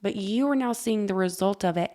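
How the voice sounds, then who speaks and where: A woman's voice: mid-range voice, fairly quick, dark tone. A woman podcast host reflecting on what the guest shared and explaining ideas about emotions. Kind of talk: casual conversation.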